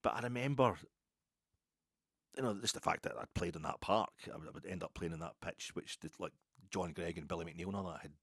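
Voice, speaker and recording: Scottish male podcaster, 50s, low voice, dry close mic, loose rambling delivery that keeps restarting. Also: fairly quick, a bit bright, breathy edge, no room sound. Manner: rambling, self-interrupting storyteller. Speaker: podcast host. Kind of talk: casual podcast monologue.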